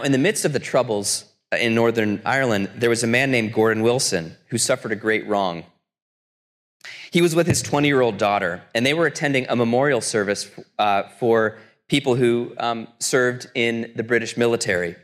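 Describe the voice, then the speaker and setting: Male pastor, sermon, earnest storyteller, medium pitch, long church reverb. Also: fairly bright tone. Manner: earnest storytelling, slows for quotes.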